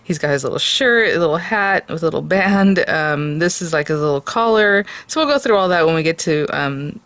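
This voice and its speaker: A woman's voice: deep voice, animated, brisk, a bit bright, no room sound. A woman hosting a craft video, chatting casually with many fillers as she shows supplies. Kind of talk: casual product review and tutorial.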